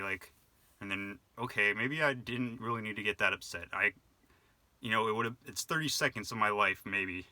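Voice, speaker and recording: A man's voice: on the low side, moderate pace, pushed and bright, dry recording. A young man talking on his own in a rambling, reflective way, with many fillers and restarts, as a vlogger. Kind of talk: casual monologue to camera.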